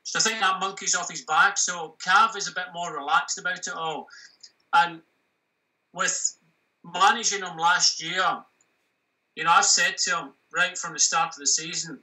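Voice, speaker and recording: A middle-aged man with a West of Scotland accent, chatting casually and a little haltingly as a guest pundit. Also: sits high, distant mic, low-quality recording. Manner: relaxed, chatty, hesitant with fillers. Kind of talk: casual interview chat.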